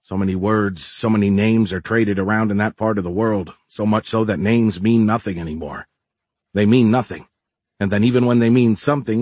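A man reading the lines of a weary, resigned man who works with tech, speaking in a tired, musing way with a low, husky voice. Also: darkish tone, no echo, lightly acted.

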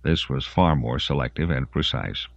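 A man narrating an audiobook in an expressive storytelling manner. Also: a bass voice, moderate pace, gravelly, no room sound. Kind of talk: scripted narration. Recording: dry, muffled lo-fi audiobook.

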